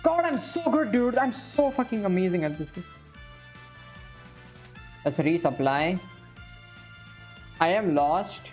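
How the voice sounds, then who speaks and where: A man's voice: sits high, lively intonation, takes it slowly, pauses often, darkish tone, soft background music. A young man in his twenties telling a rambling, profane, self-mocking story over gameplay. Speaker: gaming streamer.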